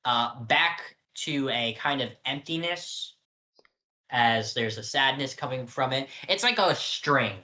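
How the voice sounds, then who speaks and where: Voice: medium pitch, bright, forceful tone, a little hiss or hum. A player in a tabletop game describing sensations loosely, with fillers.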